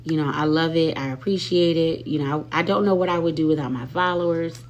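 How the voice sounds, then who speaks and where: A woman's voice: low voice, a little fast, highs cut off. Sassy woman live-streaming to her followers. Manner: sassy, talks straight to viewers, swings loud and soft. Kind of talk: casual live-stream chat.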